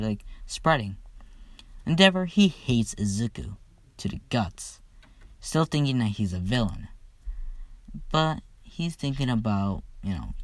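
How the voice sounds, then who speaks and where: A man's voice: mid-range voice, dry recording. A man casually retelling a fan story, rambling and profane, with loose fillers.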